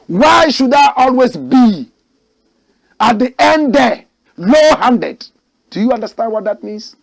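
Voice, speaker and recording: Ghanaian guy hosting a political rant, high gravelly voice swinging all over the place. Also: big pitch swings, slow pace. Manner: preachy, rhetorical, rising to outraged shouts. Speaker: host. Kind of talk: impassioned political commentary.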